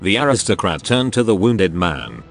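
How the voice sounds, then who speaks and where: A man's synthetic text-to-speech voice reading a military science-fiction story as narrator in a flat, even manner. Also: low-pitched, moderate pace, creaky, faint music behind. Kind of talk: scripted narration.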